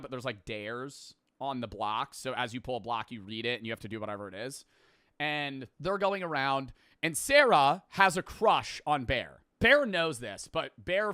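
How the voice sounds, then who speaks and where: A man's voice: fairly high pitch, bright, forceful tone, smooth, no room sound, studio quality. A young man casually recapping a movie plot, rambling and profane, laughing at the wilder parts.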